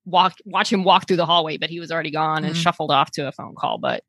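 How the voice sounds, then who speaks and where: A woman's voice: low voice, fast talker, fairly bright tone, dry recording. A woman hosting a casual chat, reacting with enthusiasm and telling her own story. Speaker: host.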